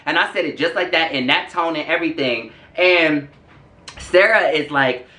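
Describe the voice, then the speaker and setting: A young man telling a story in an animated, sassy way while doing his makeup for a get-ready-with-me video. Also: fairly high pitch, moderate pace. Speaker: vlogger. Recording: echoey room.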